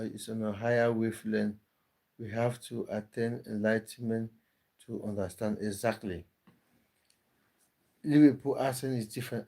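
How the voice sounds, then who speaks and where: Warm and mid-pitched, a man hosts a laid-back live chat with his viewers. He reads their comments out loud, often doubling back and repeating words as he restarts.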